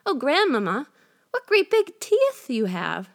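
A woman's voice: mid-range voice, normal speed, fairly bright tone, close to an everyday voice. A woman voicing a naive, trusting little girl in a storybook reading. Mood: wondering. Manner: wondering, naive. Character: innocent trusting little girl, wide-eyed.

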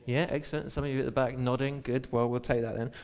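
A man's voice: mid-range voice, steady tone, fast talker, vocal fry, a little mellow. Conversational male preacher retelling scripture. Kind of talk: sermon. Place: church.

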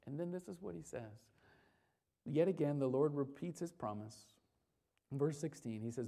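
A woman's voice: rumbling low, normal speed, warm tone, breathy edge. Emphatic woman preacher repeating key phrases. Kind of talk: sermon.

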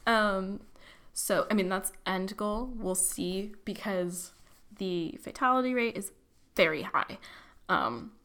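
A woman's voice: medium pitch, slow, fairly bright tone. A young woman in college telling a personal story in a loose, chatty way. She leans on likes and you-knows and calls herself dramatic with a wry laugh in her voice. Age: young adult. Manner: chatty, filler-heavy, self-deprecating, dramatic. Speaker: college student.

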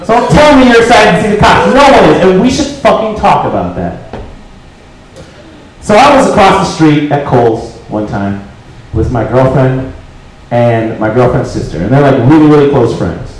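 A man doing a stand-up comedy set on a club stage, swearing freely and breaking into shouts for emphasis. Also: fairly high pitch, expressive, normal speed, a crowd in the background. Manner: profane, emphatic, bursts into shouting. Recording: echoey live room.

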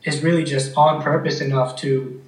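A man in relaxed conversation, talking in a laid-back way, often calling his friend "man" and telling stories with energy. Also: on the high side, moderate pace, recorded from a distance. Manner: laid-back, says "man" a lot, animated storytelling. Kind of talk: casual chat. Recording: roomy, off-mic.

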